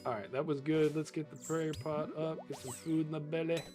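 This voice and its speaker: A man's voice: on the high side, fairly even intonation, a little fast, over music. Chatty man streaming a game. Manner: chatty, laughs often, talks to chat. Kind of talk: casual live-stream chat while gaming.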